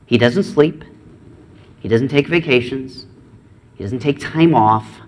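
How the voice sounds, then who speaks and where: A middle-aged man preaching a sermon, earnest, moving between raised and hushed delivery. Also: mid-range voice. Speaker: pastor.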